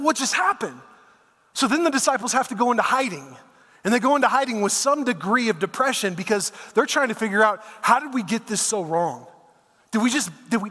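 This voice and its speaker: High-voiced male pastor in echoing hall. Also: fairly bright tone. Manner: conversational storytelling, casual asides like "man" and "dude". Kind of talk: sermon. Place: church auditorium.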